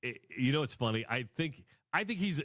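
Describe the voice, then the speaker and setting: A man co-hosting sports talk radio in a relaxed, conversational way. He hedges his opinions and weighs each point, and his voice sounds dry and close to the mic. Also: mid-range voice, no room sound. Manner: measured, conversational, hedging. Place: radio studio.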